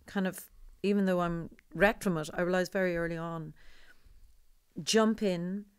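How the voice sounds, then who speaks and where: A woman with a deep voice, a singer talking in an interview in a rambling, digressive way. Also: clean tone, no echo, studio quality. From Ireland. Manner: rambling, digressive, laughs often. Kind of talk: conversational interview.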